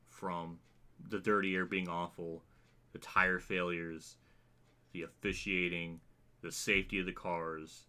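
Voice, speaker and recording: A man hosting a racing channel, delivering an exasperated, profane rant with halting restarts. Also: low voice, bright, forceful tone. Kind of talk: angry rant to camera.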